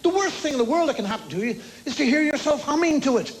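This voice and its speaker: A male comedian on a TV stage rants in an exasperated stand-up monologue. His voice sits unusually high and leaps around as he builds each complaint. A studio audience laughs clearly in the background. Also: lively intonation, fast, background noise. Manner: exasperated, ranting.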